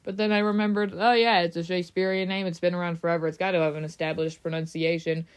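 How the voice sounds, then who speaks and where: A woman vlogging in a chatty, playful way, slowing down to sound out names syllable by syllable. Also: fairly low pitch, flat delivery, smooth. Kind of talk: casual chat.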